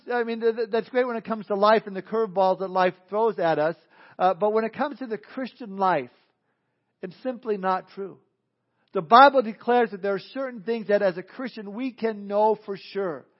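A high-voiced male pastor delivers a sermon in a folksy, joking way, mixing scripture with stories. The recording sounds dull and lo-fi.

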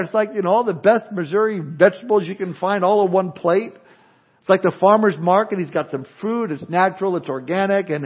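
Animated preaching man, high voice. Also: breathy edge, highs cut off. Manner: animated, acts out imagined speakers. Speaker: pastor. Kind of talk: sermon.

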